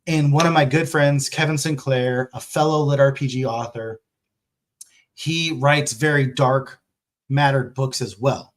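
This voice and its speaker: A man at a middle, everyday pitch, talking through his thoughts on a casual vlog. He speaks as an author answering viewer questions, animated and candid, and he swears freely. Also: measured pace.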